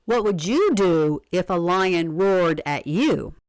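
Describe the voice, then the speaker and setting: A woman reads a children's storybook aloud, slowly and with a lively voice that rises and falls a lot. She is expressive and often stops to ask the listener questions. The recording is dry and close. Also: on the low side, no echo. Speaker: story reader.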